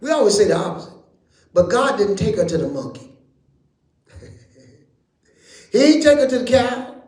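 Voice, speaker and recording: A man with a high, bright preaching voice works a church room with folksy call-and-response talk. He swings from quiet asides up into shouted lines. The sound rings with the echo of the room. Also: very animated, normal speed. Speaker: bishop teaching Bible study. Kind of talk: lively preaching to a congregation.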